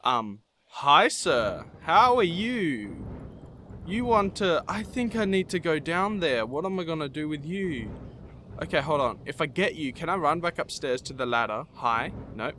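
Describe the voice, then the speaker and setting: With a fairly high, pushed, bright, expressive voice, a man unhurriedly narrates a horror game map in a nervous let's-play. Easily frightened, he talks to the monsters and cries out in panicked bursts of "no," over slight background noise.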